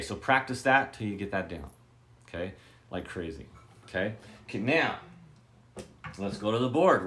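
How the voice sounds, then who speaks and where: A man teaching a guitar lesson who says okay constantly, keeps checking that the student understands, and scats rhythms aloud. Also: fairly low pitch. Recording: loud guitar playing between talk. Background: guitar strumming.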